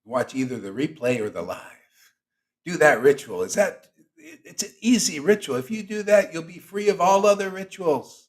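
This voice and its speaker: A man's voice: on the high side, lively intonation, moderate pace. A man as spiritual teacher, giving a casual, teasing devotional sermon to an online group.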